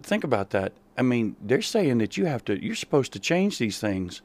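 A man's voice: mid-range voice, very animated, moderate pace. A man, a guest on a radio show, talking earnestly and giving his opinions, often repeating himself. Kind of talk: casual radio chat.

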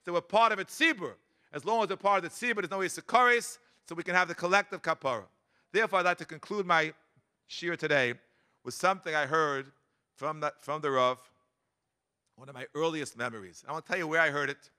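An older man in his seventies teaches a Torah class and mixes in memories from his youth. His voice sits high and sounds bright and forceful. He leans into key words with dramatic emphasis. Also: fairly quick, clear, resonant tone. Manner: animated, dramatic emphasis, frequent Hebrew and Yiddish terms. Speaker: cantor. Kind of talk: Torah lesson with personal memories.

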